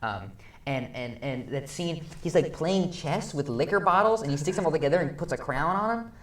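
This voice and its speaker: A man's voice: a little high, brisk. A teenage student film reviewer chatting about a movie, gushing and acting out scenes as he goes. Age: teens. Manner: excitable, gushing, acts out scenes. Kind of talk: casual film review chat. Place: school studio room. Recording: echoey room.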